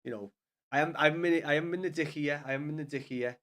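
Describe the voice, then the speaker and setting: Sweary Scouse man, fairly high voice. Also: a little fast, a bit bright. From Liverpool, England. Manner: sweary, frustrated, rambling chat to viewers. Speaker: streamer watching a match live. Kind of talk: live watch-along commentary. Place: small home studio room.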